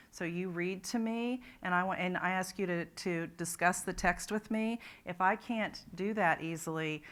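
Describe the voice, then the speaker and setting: A woman's voice: on the low side, fairly bright tone. A woman presenting a literacy talk at a conference, explaining ideas step by step with frequent restarts. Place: conference room.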